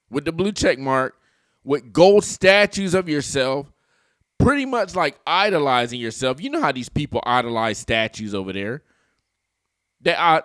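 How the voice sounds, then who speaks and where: A man doing casual reaction commentary for his channel. He sounds animated and laughs often while talking back at the clip. His voice sits a little high and sounds close and dry. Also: no echo.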